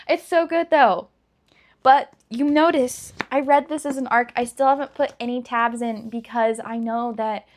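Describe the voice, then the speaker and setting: High-voiced gushing book vlogger woman. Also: steady tone, moderate pace. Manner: gushing, emotional, dramatic emphasis. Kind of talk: casual chat.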